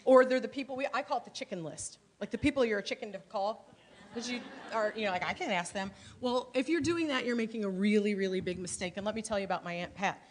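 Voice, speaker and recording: A middle-aged woman from Illinois giving a lively, chatty training talk to her sales team, acting out bits of dialogue. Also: mid-range voice, fast talker.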